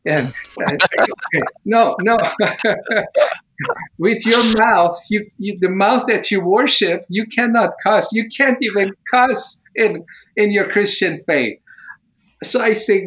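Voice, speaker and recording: A man's voice: sits high, a little slow, fairly bright tone, low-quality recording. A man from Iran, telling his personal testimony in an interview in earnest, emotional, slightly broken English. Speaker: evangelist guest.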